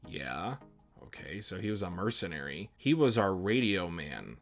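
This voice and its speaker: A man's voice: deep voice, big pitch swings, normal speed, soft background music. A man hosting a manga reaction, reading the character dialogue aloud and breaking off into chatty remarks.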